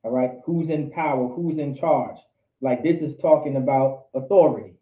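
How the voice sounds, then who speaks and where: A man's voice: mid-range voice, normal speed. A man leads a Bible study, firing questions at his students and hammering points home through repetition. His voice comes through thin and tinny, like over a phone line, and echoes around a room. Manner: quizzes students, repeats for emphasis. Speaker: Bible class teacher. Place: indoor meeting room with a class.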